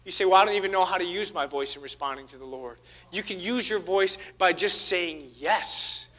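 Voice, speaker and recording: A male preacher with a very high, piercing bright voice delivers a fervent sermon. He swings between loud exhortation and hushed asides. His voice rings out with a long reverberant tail in a church hall. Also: moderate pace.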